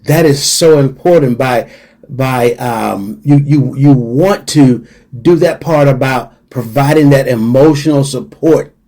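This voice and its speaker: A man's voice: mid-range voice, unhurried, mellow. A middle-aged man hosting a radio talk show, speaking earnestly and repeating his key points for emphasis.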